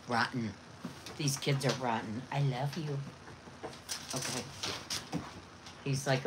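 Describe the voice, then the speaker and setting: Woman vlogger, relaxed and slow-spoken, fond baby talk to pets, faint background noise. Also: very deep voice. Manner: doting baby talk to her dogs. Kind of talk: casual chat to viewers and pets.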